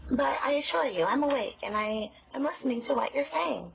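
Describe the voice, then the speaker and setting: A woman's voice: high-pitched, animated, a little fast, gravelly, noisy background. A woman making a prank phone call, speaking in a falsely patient, sarcastic way. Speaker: prank caller.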